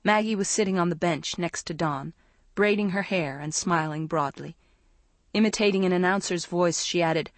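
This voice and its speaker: An audiobook narrator reads a young-adult novel in scripted narration, using a measured storytelling voice. Her voice is on the low side, and there is no echo.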